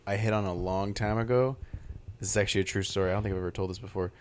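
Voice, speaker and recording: A man's voice: lowish voice, rapid-fire, smooth. A man guesting on a podcast, chatting casually and telling stories with acted-out quotes. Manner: animated storyteller, acts out quoted voices. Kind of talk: casual chat.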